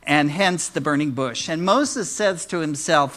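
A man's voice: on the high side, a little slow, pushed and bright. A man preaching a sermon to his congregation in a conversational, playful way, mixing teaching with jokes. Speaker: minister.

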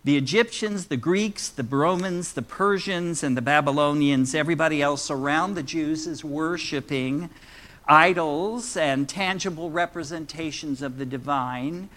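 A man's voice: fairly high pitch, measured pace, a bit bright. A man preaching a sermon to his congregation in a conversational, playful way, mixing teaching with jokes. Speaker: minister.

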